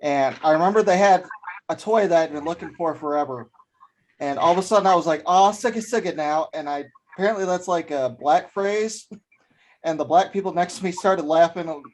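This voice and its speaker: A man's voice: on the high side, a little fast, darkish tone, a little hiss or hum, poor audio. A man co-hosting a podcast, telling stories and walking through a drink recipe in a loose, joking way. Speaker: podcast co-host. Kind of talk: casual podcast chat.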